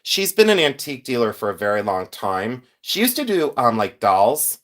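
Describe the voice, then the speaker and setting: A man hosts a casual livestream, talking straight to his viewers and calling out their names as they arrive. His pitch moves a lot, from high bursts to low asides, and he laughs often. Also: wildly swooping pitch, moderate pace, fairly bright tone. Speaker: livestream host sorting jewelry.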